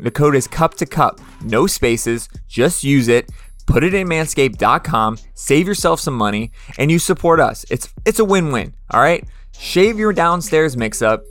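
A man's voice: on the high side, a bit bright. A man co-hosting a podcast, reading a sponsor ad in a crude, joking, loose way. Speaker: podcast co-host. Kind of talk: casual ad read.

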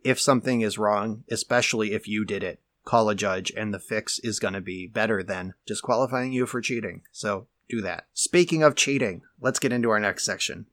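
A man co-hosting a podcast, giving measured, lecturing explanations in casual chat, often with "like". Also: on the low side, a bit bright, no room sound, clean studio sound. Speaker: podcast co-host.

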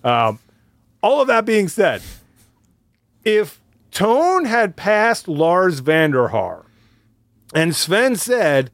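A man co-hosting a casual talk show, telling a story in a lively, fairly high voice. He acts out other people's lines as he goes. The sound is close and dry, with no room echo. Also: slow pace. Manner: animated storytelling, acts out quotes with raised pitch. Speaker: podcast co-host. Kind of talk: casual chat.

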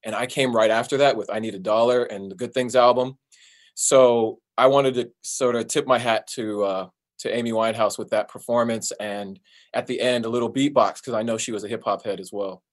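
A man who is a singer, chatting casually as an interview guest, relaxed and easygoing, with many fillers. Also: medium pitch, brisk. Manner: relaxed, laid-back, with fillers and playful sung bits.

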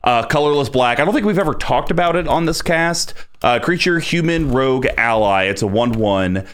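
A man's voice: medium pitch, lively intonation, normal speed, fairly bright tone, clean tone. A man hosting a casual podcast about a card game, explaining his points with frequent filler words. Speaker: podcast host.

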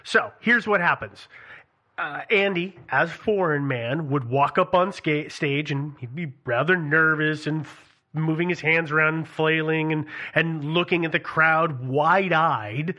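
Podcast host rambling thru a story, bright voice, lots of uhs. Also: medium pitch, measured pace, dull audio. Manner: hesitant, many restarts and fillers. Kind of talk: casual storytelling chat.

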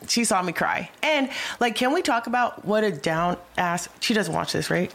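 A woman's voice: medium pitch, animated, normal speed, creaky, a bit bright. A young woman in casual chat, candid and emotional, slangy, laughing often.

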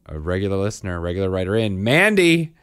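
A man's voice: low voice, big pitch swings, fast, fairly bright tone, clear, resonant tone, no echo, clean studio sound. A man co-hosting a podcast, casual and teasing, counting down playful reveals. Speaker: podcast co-host. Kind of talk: casual chat.

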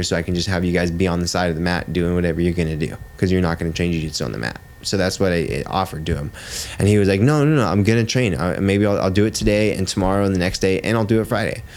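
Very deep-voiced blunt man telling stories. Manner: blunt, swears freely, says "dude" often. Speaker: jiu-jitsu coach and father. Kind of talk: casual podcast storytelling.

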